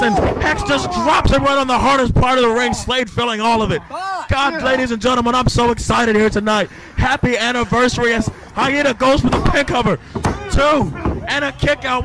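A man calling a live wrestling match play by play, excitable and often shouting. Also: extremely high pitch. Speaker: wrestling commentator. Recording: loud background noise.

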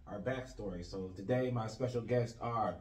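A man's voice: fairly low pitch, normal speed, darkish tone. A man hosting a podcast, talking in a laid-back, slangy way. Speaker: podcast host. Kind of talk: casual podcast chat. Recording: echoey room, mic at a distance.

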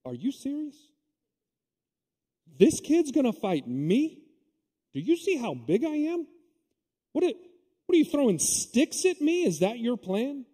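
A man voicing a scornful giant warrior who mocks his small opponent in high, incredulous taunts. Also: sing-song, unhurried, long pauses, mellow, breathy edge, full character voice. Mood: mocking. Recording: echoey church hall.

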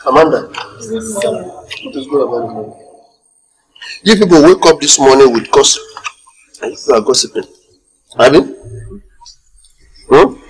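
A man's voice: medium pitch, expressive, measured pace, long pauses, natural voice, low-quality recording. A man playing a scornful Nigerian relative. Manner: scolding, mocking.

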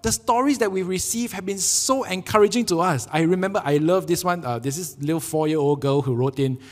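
A man preaching a sermon with a Singaporean English accent, telling jokey, animated stories and acting out quotes. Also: high voice, fairly quick, long reverb tail. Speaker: pastor. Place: church sanctuary.

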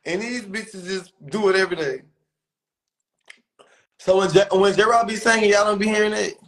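High-voiced man ranting profanely. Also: moderate pace, a bit bright, rough recording. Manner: profane, exaggerated ranting, mocking falsetto impressions. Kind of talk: comedic rant.

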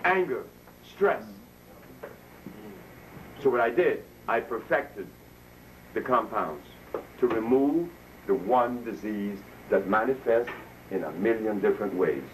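This man's lowish, expressive voice moves slowly, with long pauses, as he gives a casual health talk to a live audience. Storytelling, laughter at his own jokes, and acted-out voices of the people he quotes fill the talk, recorded on a distant mic with faint background noise.

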